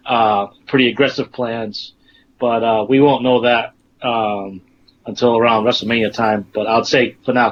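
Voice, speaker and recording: A man co-hosting a casual podcast, talking in a measured way with lots of ums. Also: mid-range voice, a bit bright, lo-fi sound, a little hiss or hum. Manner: measured, with many fillers. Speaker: podcast co-host.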